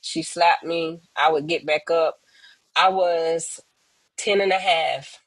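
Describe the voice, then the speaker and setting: A woman tells her own hard story as a guest on a remote call, earnest and slow, often pausing and acting out the voices of others. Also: low-pitched, fairly even intonation, dry recording, poor audio. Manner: earnest, pauses often, acts out quoted voices. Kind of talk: emotional personal testimony, slow and reflective.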